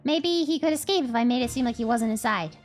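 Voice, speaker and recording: A woman's voice: a little high, quick pace, faint music behind, voice pushed up, natural voice. A woman reading game text aloud in a cutesy, sweet voice as the young heroine narrating her own peril. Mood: earnest.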